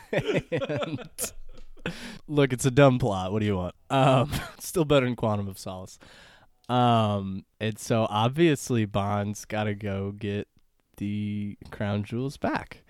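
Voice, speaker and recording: A man's voice: lowish voice, sing-song, takes it slowly, no room sound, clean studio sound. A man co-hosting a casual comedy chat, laughing often as he rambles through an improvised movie plot. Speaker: podcast co-host.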